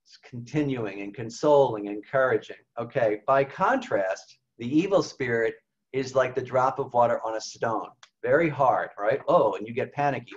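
Priest, mid-pitched male voice, chatty teaching delivery, muffled video-call sound. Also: moderate pace. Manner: conversational, frequent "okay?" and "right?" check-ins. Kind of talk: informal spiritual talk. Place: home over video call. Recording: slightly dull video call audio.

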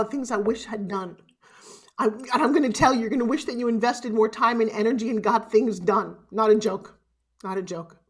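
A middle-aged woman giving a heartfelt motivational keynote speech, urging her audience and tearful at times. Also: a little high. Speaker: motivational speaker. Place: conference stage.

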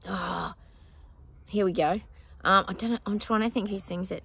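Holding her phone in her backyard, this Australian psychic vlogger rambles chattily to viewers, sometimes singing snippets, with long pauses between thoughts. Her voice is medium-pitched, fairly bright, and breathy with vocal fry, at a normal speed in a dry recording.

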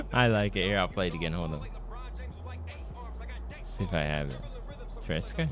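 A man's voice: low-pitched, big pitch swings, a little slow, fairly bright tone, faint music behind. A man streaming a game from home, chatting casually, cracking crude jokes and laughing often. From United States. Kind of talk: casual gaming stream chat.

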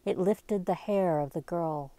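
A slow, deliberate storybook reading of a novel comes from an amateur woman reader with a mellow, somewhat low voice. The audio is close and dry, with no echo at all.

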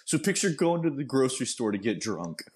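A man's voice: medium pitch, very animated, brisk. A young man, co-hosting a podcast in laid-back casual chat and swearing freely. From Texas. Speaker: podcast co-host.

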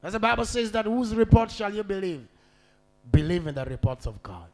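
A male pastor delivers a sermon, alternating between shouted, half-sung peaks and quiet, conversational asides. His voice is high and his pace brisk.

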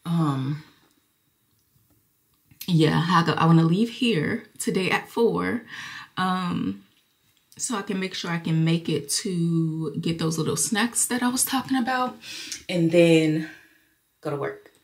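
A woman's voice: fairly low pitch, slow pace, long pauses. A young woman chatting casually to her camera at home, rambling and talking to viewers as y'all. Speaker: vlogger.

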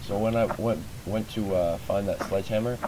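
A man streaming a game, just woken up, talking through his moves in a sleepy, monotone, rambling way. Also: lowish voice, fairly quick, noisy background. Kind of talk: casual gameplay commentary.

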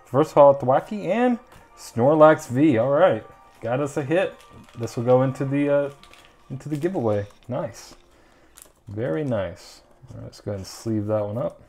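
A man's voice: mid-range voice, warm tone. A young man hosting a casual card-opening video, chatting and rambling with lots of ums and uhs. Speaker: channel host opening trading card packs.

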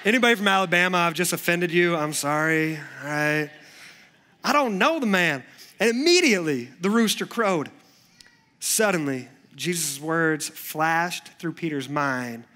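A man preaching a sermon in church, conversational, moving between animated asides and hushed, earnest passages. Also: a little high, normal speed. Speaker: pastor.

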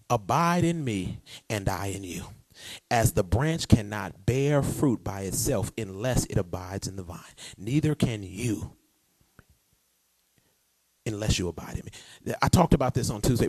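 A man preaching a sermon, animated and conversational, drawing responses from the congregation. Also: lowish voice, a little slow, slightly rough, no echo. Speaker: pastor.

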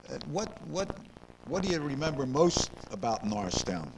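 A man's voice: mid-range voice, big pitch swings, moderate pace, gravelly. An older man hosting a local interview show. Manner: rambling, repeats words, asks leading questions. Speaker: host. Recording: noisy 2002 local cable recording.

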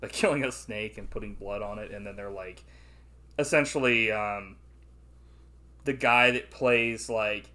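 A man's voice: on the low side, unhurried, pushed and bright. A man co-hosting a casual podcast movie review, talking loosely with lots of swearing and laughter. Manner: loose, profane, laughs often, acts out movie lines. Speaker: podcast co-host.

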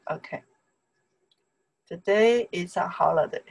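A woman with a Chinese accent teaching an online lesson, drilling syllables slowly and checking in with "okay?" again and again. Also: on the low side, darkish tone, a little hiss or hum, rough recording.

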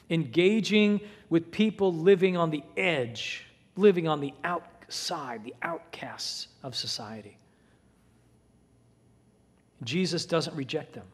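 A man with a fairly high voice preaches to his church, acting out the lines of the people in his story. His voice rings out in a long reverb from a large sanctuary. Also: measured pace, breathy edge. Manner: dramatic retelling with voiced quotes. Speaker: pastor. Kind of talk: sermon.

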